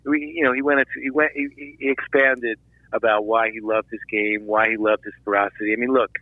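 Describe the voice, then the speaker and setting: A man from Philadelphia, a filmmaker guest, telling a long anecdote in an animated interview, with restarts and asides. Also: medium pitch, a little fast, dry recording, narrow, tinny audio. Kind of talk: storytelling interview.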